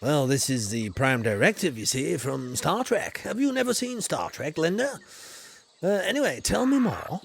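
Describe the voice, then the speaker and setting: Brief: Yorkshire man, game streamer, mock-posh and playful, voice swooping all over, slightly high. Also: very animated, normal speed, gravelly, breathy edge. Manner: playful, mock-posh, swings between loud greetings and mumbles. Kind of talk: comedic game livestream commentary.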